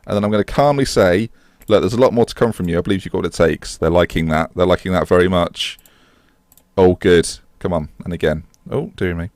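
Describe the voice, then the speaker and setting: A young man excitedly commentating on a football management game as he plays, cheering at goals and laughing at the screen. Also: low voice, fairly quick, no room sound. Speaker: gaming YouTuber and streamer.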